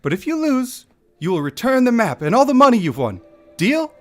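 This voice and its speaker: A man voicing a cranky, anxious male dwarf in a much higher voice. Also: very animated, a little fast. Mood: pleading.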